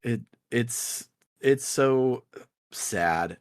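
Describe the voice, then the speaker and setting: A man co-hosting a podcast, chatting casually about video games in a relaxed, rambling way and laughing often. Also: mid-range voice, drawn-out words, dry recording, studio quality. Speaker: podcast co-host.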